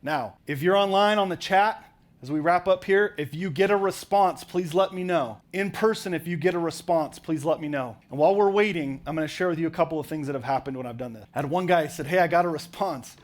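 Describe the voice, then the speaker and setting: Animated man coaching a live audience. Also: fairly high pitch, brisk. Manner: animated, directive, storytelling. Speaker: business coach speaking on stage. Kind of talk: motivational talk to a live audience. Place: conference hall with audience.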